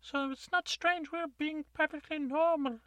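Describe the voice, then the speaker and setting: A shrill, squeaky townsperson. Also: male voice, steady tone, unhurried, fairly bright tone, no echo, dull audio. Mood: defensive. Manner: rambling, over-explaining.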